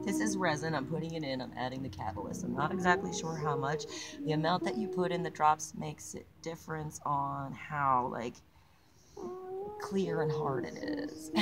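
Brief: young woman vlogger, slightly low voice, loose and chatty, laughs a lot and swears freely, with loud music under her talk. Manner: chatty, swears, laughs often, self-mocking. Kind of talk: casual chat while crafting. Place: outdoors on a mountain. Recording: loud music playing behind.

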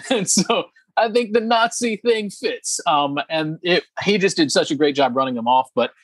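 A man's voice: fairly high pitch, normal speed, husky, dry recording. A man co-hosting a podcast in casual chat, talking emphatically and heatedly, with lots of ums and restarts. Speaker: podcast co-host.

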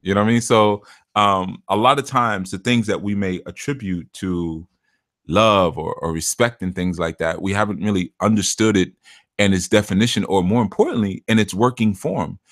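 Male spiritual teacher, casual and chatty, low voice, dry close recording. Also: moderate pace, a bit bright, dry recording. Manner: conversational, laughs often, puts on voices for quotes. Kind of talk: casual talk to listeners.

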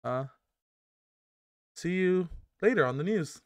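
This young man's voice is high, smooth and expressive, and he talks slowly while chatting to camera in a loose, joking vlog. A gaming YouTuber at home with his dog, he swears a lot and fills pauses with ums, using a headset mic.

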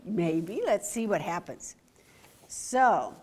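A woman reading a picture book aloud to children, animated and stopping to ask them questions. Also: lowish voice, takes it slowly. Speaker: story time reader.

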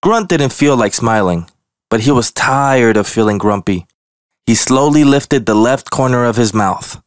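A man reading a children's picture book aloud in a gentle, deliberate way. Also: medium pitch, animated, no room sound, clean studio sound. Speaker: storybook reader.

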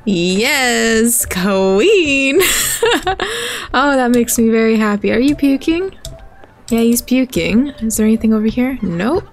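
A woman's voice: on the high side, moderate pace, darkish tone, faint music behind. A woman casually chatting while she plays a game, chatty and giggly. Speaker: gamer. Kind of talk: casual gameplay commentary.

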